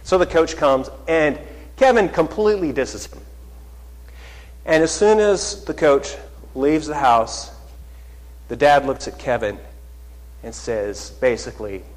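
A man preaching a sermon as pastor, conversational, asking his congregation rhetorical questions and moving between louder and softer passages. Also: on the high side, measured pace, pauses often. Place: church sanctuary. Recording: long reverb of a large hall.

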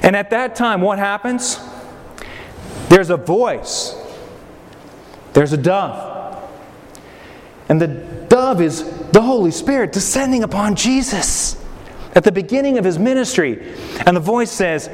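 A man pastor preaching a sermon, pausing for effect and briefly acting out the people he quotes. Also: high voice, animated. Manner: preaching with acted-out quotes and dramatic pauses. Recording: reverberant hall, faint noise.

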